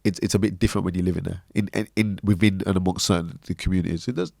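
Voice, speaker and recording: A young man from Birmingham, a podcast guest telling a personal story in an animated way that often checks in with the listener. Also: deep voice, rapid-fire, gravelly, no room sound, clean studio sound. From Birmingham, England. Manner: animated storyteller, often tags lines with "right?".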